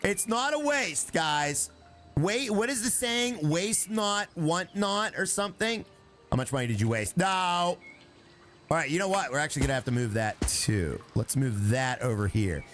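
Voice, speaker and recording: A man's voice: fairly high pitch, lively intonation, normal speed, a bit bright, soft background music. A man playfully chatting with his viewers while streaming a building game, joking as he plays. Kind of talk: casual live game commentary.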